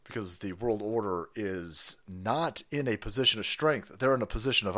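A man hosting a livestream, ranting sarcastically with profanity and shouted outbursts. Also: lowish voice, normal speed, few pauses. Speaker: livestream host. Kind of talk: ranting political commentary.

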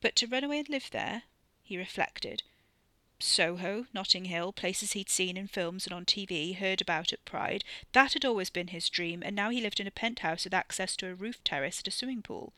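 Woman narrator, bright and crisp, steady measured read, dry studio sound. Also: fairly low pitch, no echo. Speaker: audiobook narrator. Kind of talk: scripted narration.

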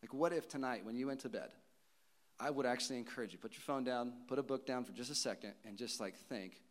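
A man in his thirties preaching a sermon in a church, animated, laughing often and dropping to soft near-whisper lows. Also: fast. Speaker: pastor.

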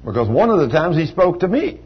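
A man's voice: a little high, very animated, fairly quick, husky, lo-fi sound. An older man preaching a sermon in a folksy storytelling manner, with plain everyday grammar.

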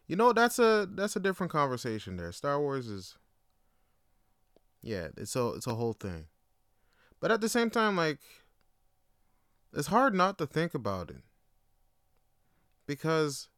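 Smooth-voiced young man rambling casually. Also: mid-range voice, a bit bright, no echo, studio quality. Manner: rambling, slangy, musing. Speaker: podcast host. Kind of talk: casual solo monologue.

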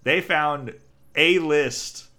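A man co-hosting a casual group chat, talking in an animated, playful way. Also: a little high, drawn-out words. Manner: animated, playful, leads the bits.

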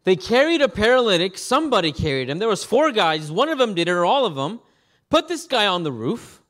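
A man preaching a sermon as pastor, animated and acting out scenes with quick voice changes. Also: sits high.

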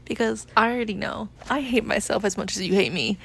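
Young woman on a movie podcast, lots of fry in her voice, swears, says like a lot, phone mic. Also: mid-range voice, a bit bright. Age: young adult. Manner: self-deprecating, swearing, drawn-out filler "like". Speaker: podcast co-host. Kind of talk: casual chat.

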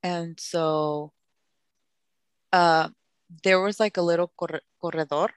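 A woman's voice: fairly low pitch, fairly even intonation, slow pace, clean tone, no echo. A woman, co-hosting a podcast and telling a painful personal story with candid emotion, slipping phrases into her English. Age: late 20s. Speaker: podcast co-host.

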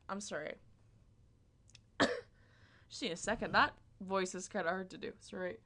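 A woman's voice: medium pitch, normal speed, long pauses, sharp tone. A woman delivering a rambling, self-deprecating comedic monologue, full of "like" and restarts.

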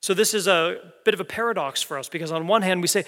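A man preaching a sermon as pastor, earnest, building to emphatic peaks and then dropping soft and low. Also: quick pace, hardly any pauses. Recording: long hall reverb.

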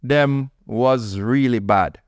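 A man's voice: mid-range voice, slow, no room sound. A man from Jamaica co-hosting a podcast, chatting casually in a playful, teasing way. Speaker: podcast co-host. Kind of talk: casual chat.

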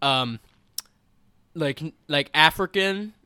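A man with a smooth, resonant, fairly high voice trading blunt, playful opinions. The sound is dry and close, with no room around it, and the whole thing stays a loose podcast chat. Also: bright, forceful tone, no room sound. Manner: blunt, playful, quick to laugh. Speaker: podcast co-host. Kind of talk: casual chat.

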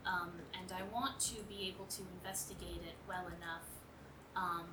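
A woman's voice: on the low side, little pitch movement, normal speed, lightly acted. A woman voicing a determined female investigator who speaks carefully and hesitantly. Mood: worried. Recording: roomy distant noisy home recording.

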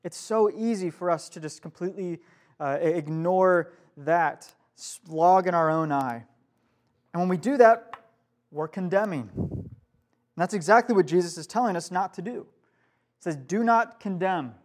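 A young man leads a youth group sermon in front of a live room, speaking in a light, high-pitched voice. He keeps it casual and conversational, stopping to ask his listeners questions. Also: normal speed, darkish tone. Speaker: youth pastor.

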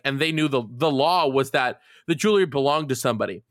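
A man's voice: mid-range voice, a little fast, a bit bright, dry recording, studio quality. A man co-hosting a podcast, telling a long rambling story full of fillers and casual swearing. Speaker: podcast co-host. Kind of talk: casual chat.

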